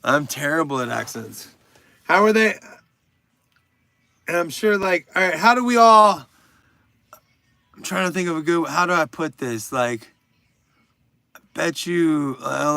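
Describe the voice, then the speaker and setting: A man's voice: on the high side, normal speed, gravelly, a bit bright, clean tone, no echo. A man in his forties hosting a casual livestream, chatting with viewers and reading their comments in a rambling, profane, self-deprecating way. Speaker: livestream host.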